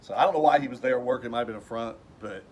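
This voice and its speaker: A man's voice: medium pitch, rapid-fire, darkish tone, slight background noise. A man casually telling a personal story at home in a rambling way, acting out the people he quotes.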